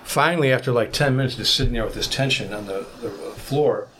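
A man, a podcast guest, telling a travel story in a vivid, animated way. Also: mid-range voice, brisk. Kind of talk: storytelling anecdote.

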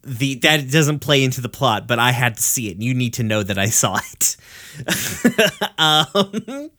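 A man's voice: medium pitch, expressive, bright, forceful tone. Casual, profane man recapping an episode. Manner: rambling, profane, laughs often, voices characters in quick asides. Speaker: podcast co-host recapping a cartoon episode. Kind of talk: casual chat.

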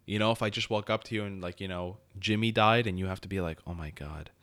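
A man's voice: lowish voice, fast, smooth. A man co-hosting a podcast, talking casually and rambling with frequent swearing as he breaks down a TV episode. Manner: rambling, animated, swears freely. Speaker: podcast co-host. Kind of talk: casual chat.

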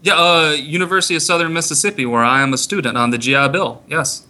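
A man who is a comedian guest on a podcast, joking in a deadpan, self-mocking way. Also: a little high, fast. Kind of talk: casual comedy podcast chat.

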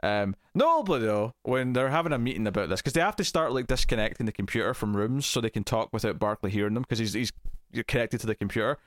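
A man talks on a podcast in a loose, rambling way, slipping into quoted lines as he goes. His voice sits at an ordinary pitch. The sound is dry and close, with no room echo. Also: fast talker. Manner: rambling, animated, acts out quotes. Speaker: podcast co-host. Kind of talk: casual chat, recapping a TV episode.

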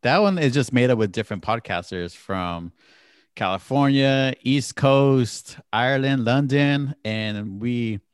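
A man's voice: mid-range voice, unhurried, smooth, no room sound, clean studio sound. A man co-hosting a podcast in casual chat, talking enthusiastically and laughing often. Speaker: podcast co-host.

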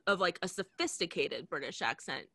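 A woman's voice: on the low side, animated, normal speed, bright, forceful tone, no echo. A woman performing an improvised comedy scene in a playful, mock-naive way.

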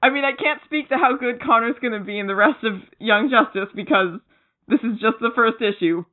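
A podcast co-host gushing about a comic in casual chat, rambling with lots of fillers and acting out characters' lines. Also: mid-range voice. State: giddy, laughing through words. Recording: tinny phone-like line.

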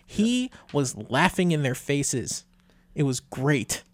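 A man co-hosting a radio talk show, speaking haltingly with frequent restarts and laughs. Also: fairly high pitch, sing-song, no echo. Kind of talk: casual radio chat.

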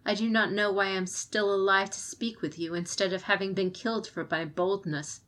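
A woman narrator gives voice to an ashamed noble wife in a spoken story. She speaks softly and hesitantly, weighed down by grief. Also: mid-range voice, steady tone, a little fast, close to an everyday voice. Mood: sorrowful.

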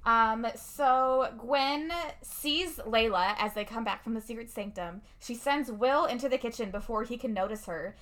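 Young female co-host, bright tone, casual recap, lots of fillers and laughter. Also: a little high. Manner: laughs often, quick reactions, many fillers. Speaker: podcast co-host recapping a film. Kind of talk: casual chat.

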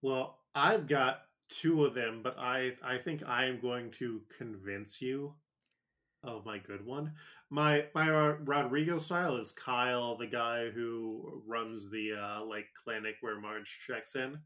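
A man's voice: medium pitch, slow, sharp tone. A man co-hosting a casual comedy podcast, enthusiastic and joking, with profanity thrown in. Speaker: podcast co-host.

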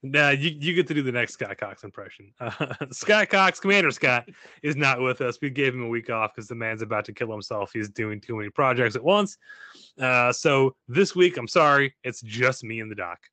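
Male podcast host, jokey and loose, bright forceful tone, dry close mic. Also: medium pitch, moderate pace, dry recording. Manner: joking, animated, swears casually. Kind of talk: casual podcast chat.

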